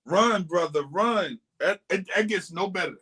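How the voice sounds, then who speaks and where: A man's voice: high voice, a little slow, bright, forceful tone. A man co-hosting a casual chat show, adding wry, joking remarks about a reality dating series. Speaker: podcast co-host.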